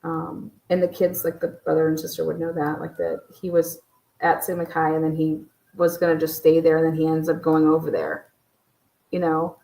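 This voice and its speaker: A woman hosting a casual livestream, ranting in a profane, exasperated and sarcastic way, her voice slightly hoarse. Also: sits low, monotone, normal speed, mellow, echoey room, low-quality recording. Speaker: true crime livestream host.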